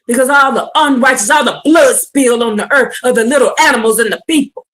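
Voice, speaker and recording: A woman preaching a livestreamed sermon, fervent and building to shouted exhortation. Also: high voice, brisk.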